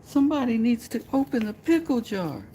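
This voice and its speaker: A man putting on a falsetto voice as a helpless, fussy woman who begs for a strong man's help. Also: very animated, fairly quick, dark tone. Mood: mock pleading. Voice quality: shrill falsetto. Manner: exaggerated mock pleading. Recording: noisy background ambience.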